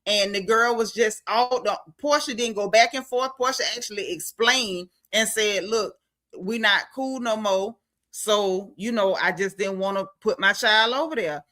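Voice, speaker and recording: A woman's voice: medium pitch, measured pace. A woman hosting a reality TV recap, talking casually and emphatically. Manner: animated, emphatic, talks straight to the cast members.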